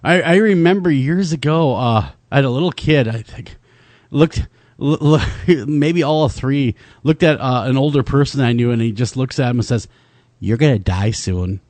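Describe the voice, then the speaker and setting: A man's voice: mid-range voice, normal speed, no room sound. A man co-hosting a podcast, joking in casual chat and slipping into voices for his stories. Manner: joking, animated, puts on voices in anecdotes. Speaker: podcast co-host.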